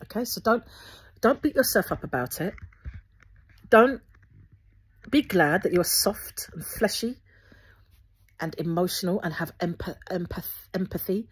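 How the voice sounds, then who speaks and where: Woman, breathy, fairly low voice, earnest Christian encouragement, gently instructive. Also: lively intonation, a little slow, long pauses. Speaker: Christian video host. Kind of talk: spoken encouragement to viewers.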